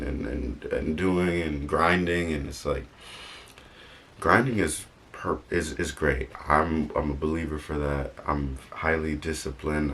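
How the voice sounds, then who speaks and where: This young man's very deep voice comes with a faint hiss or hum. He's a vlogger doing casual motivational talk, rambling, correcting himself, and tossing in joking asides.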